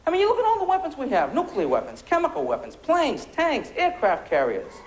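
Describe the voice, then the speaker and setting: This man's pitch is extremely high and swings hugely, his delivery fairly quick, with a little hiss or hum in the recording. He's a stand-up comic from the United States, rattling off sharp, sarcastic rhetorical questions to a laughing comedy club crowd.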